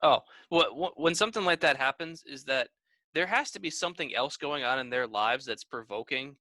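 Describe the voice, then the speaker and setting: An easygoing man with a bright, clear tone chats casually. He talks through his ideas in a relaxed, reasoning manner. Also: medium pitch, normal speed. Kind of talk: casual chat.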